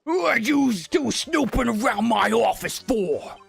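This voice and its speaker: A man voicing a hot-tempered male mafia loan shark in a video game, talking in rough tough-guy slang. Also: extremely high pitch, lively intonation, slow, pitched above the performer's own voice, exaggerated voice. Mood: angry.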